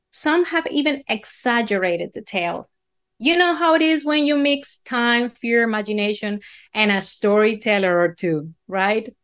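Woman storyteller, unhurried folksy drawl, mid-pitched, theatrical tall-tale delivery.

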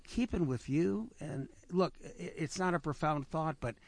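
A man telling personal stories on a radio talk show, halting and reflective, with many repeated words. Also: fairly high pitch, lively intonation, vocal fry, a little mellow, no echo. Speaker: storyteller guest. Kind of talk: radio conversation. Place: radio studio.

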